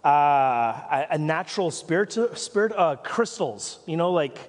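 A Canadian pastor preaches in a rambling, anecdotal way, breaking off into asides and light jokes. His voice sits fairly high for a man. The sermon is recorded with a long reverb trailing in a church hall. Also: lively intonation, measured pace. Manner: rambling, self-interrupting storytelling with asides and jokes.

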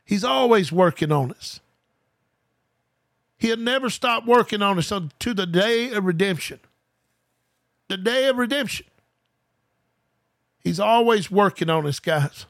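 A man with a high, somewhat bright voice, recorded with no echo, preaches an informal sermon on a podcast. Fervent and colloquial, he repeats key phrases, asks rhetorical questions, and addresses listeners directly as "guys".

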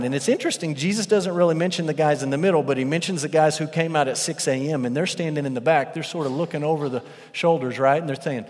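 A male pastor delivers a sermon, bringing a parable to life as an animated storyteller who slips into the characters' voices. His voice sits a little high for a man. The sound carries the long reverb of a large church hall. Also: fairly quick, hardly any pauses.

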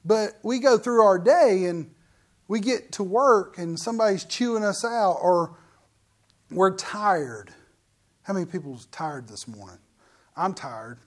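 A man's voice: high-pitched, animated, unhurried. A middle-aged man preaching a sermon as pastor, in a folksy, joking, conversational way.

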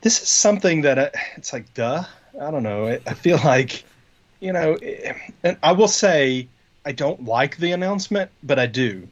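A man's voice: fairly high pitch, expressive, moderate pace, lo-fi sound. A man co-hosting a podcast in casual tech chat, rambling and explaining with many fillers and restarts. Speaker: podcast co-host.

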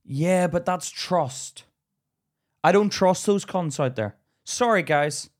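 A man's voice: high-pitched, takes it slowly. A man with a Northern Irish accent co-hosting a podcast, chipping in with teasing, dry remarks. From Northern Ireland. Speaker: podcast co-host. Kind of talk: casual chat.

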